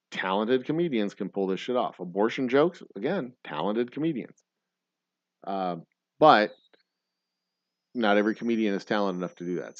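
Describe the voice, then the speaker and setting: Male stream host, low voice, rambling and profane, dry dull lo-fi stream audio. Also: no room sound. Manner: rambling, profane, frequent self-corrections. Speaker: livestream host. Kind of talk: casual live-stream chat reacting to viewer comments.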